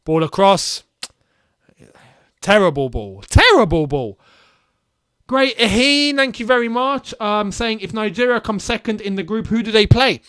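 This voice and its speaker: A young man hosting a live football watchalong, reacting excitedly to play and reading viewer comments aloud. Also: sits high, a little slow, clean tone, dry recording, studio quality. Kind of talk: live match commentary and chat.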